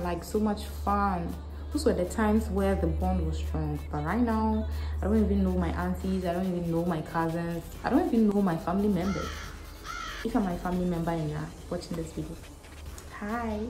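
A young woman chats frankly through a casual Q&A vlog, teasing herself as she goes. Her voice sits low and mellow. It rings in an echoey room with faint music underneath. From Ghana. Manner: frank, animated, self-mocking. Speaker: vlogger.

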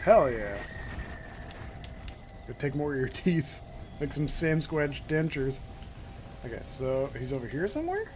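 A man's voice: a little high, a little slow, pauses often, a little hiss or hum. A man joking and laughing as he comments on his own gameplay. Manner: joking, giggly, excitable. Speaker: gaming YouTuber.

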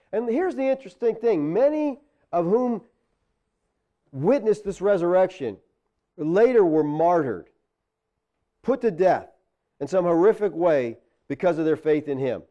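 A pastor delivering a sermon in a mellow, fairly high voice, talking to the congregation in a plain conversational way. He builds into emphatic exclamations at his key points. The recording is dull and lo-fi. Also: animated, moderate pace.

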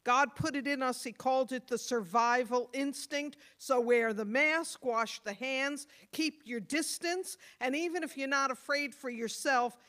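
A woman pastor giving a sermon, earnest and motherly, stressing points hard and then dropping to soft tones. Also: high voice, measured pace, few pauses. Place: church.

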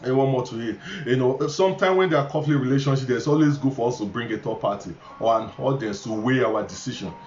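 A man's voice: mid-range voice, fast talker, hardly any pauses, a little mellow, slight background noise. A male pastor with a Nigerian accent preaching a sermon, repeating key phrases emphatically, with stammering restarts. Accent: Nigerian English. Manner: repetitive, emphatic, stammering restarts, chuckling asides. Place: church hall. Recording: echoey, dull church recording with faint ambience.

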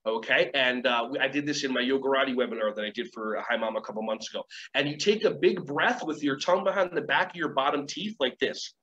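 A man leading a casual webinar lesson from home, energetic and rambling, acting out quoted voices and guiding breathing exercises. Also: medium pitch, quick pace, hardly any pauses. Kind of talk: casual teaching talk with guided exercises. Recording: dull lo-fi sound, faint ambience.

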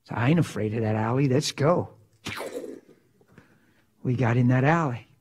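A man preaching a sermon, emphatic and dramatic, swinging from loud to hushed. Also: mid-range voice, normal speed, slightly rough.

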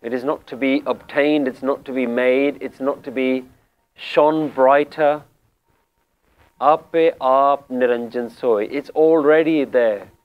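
A man teaching Sikh scripture, explaining word meanings calmly and deliberately, repeating key phrases. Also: medium pitch, clear, resonant tone, narrow, tinny audio. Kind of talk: slow spiritual explanation.

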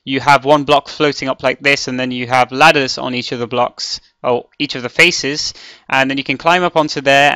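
Bright, crisp man thinking aloud. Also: mid-range voice, fairly even intonation, moderate pace, dry recording. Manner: rambling, thinks aloud with many ums and restarts. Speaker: Minecraft let's player. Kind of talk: casual gameplay commentary.

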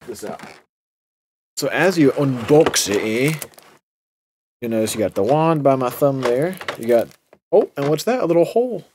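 A man's voice: mid-range voice, animated, moderate pace, long pauses, a little mellow, slight background noise. A young man hosting an unboxing video, talking in a casual, sarcastic and rambling way.

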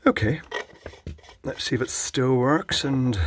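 A man's voice: medium pitch, unhurried, husky. A man chatting dryly as he repairs electronics at his workbench, thinking aloud as he works. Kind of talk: casual workbench commentary.

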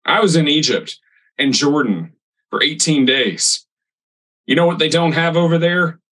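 A man casually recapping a sitcom episode on a podcast, rambling and halting with restarts. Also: fairly high pitch, pushed and bright, rough recording. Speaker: podcast co-host.

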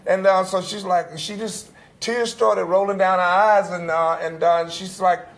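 A man's voice: high-pitched, measured pace, creaky. An older man on a panel telling a personal recovery story, acting out bits of dialogue as he goes. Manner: animated storyteller, acts out quoted dialogue.

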